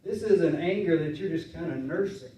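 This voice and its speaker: A man preaching a sermon in a relaxed, conversational way, acting out the voices of his listeners. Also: a little high, brisk. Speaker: pastor. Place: church sanctuary. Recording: roomy church sound from a distance.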